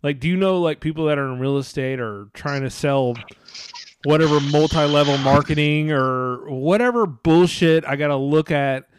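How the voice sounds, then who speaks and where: Sarcastic, swearing man with a higher voice. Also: normal speed, clear, resonant tone. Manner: rambling, sarcastic, swears a lot, mimics others. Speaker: podcast co-host. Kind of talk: casual profane chat.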